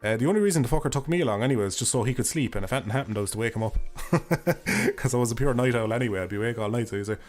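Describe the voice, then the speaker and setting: A young Irish man streaming a game, chatting casually in a rambling way, swearing freely and laughing often, his voice hoarse and failing. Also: medium pitch, expressive, very fast, soft background music. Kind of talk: casual livestream chat while gaming.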